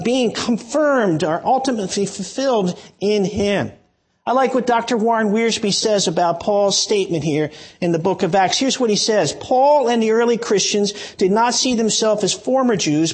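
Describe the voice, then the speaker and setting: A man preaching an expository sermon in a fairly high, husky voice. He walks his listeners through the passage verse by verse, stumbling and restarting as he presses his points. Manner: expository preaching with frequent restarts and emphatic asides. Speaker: pastor.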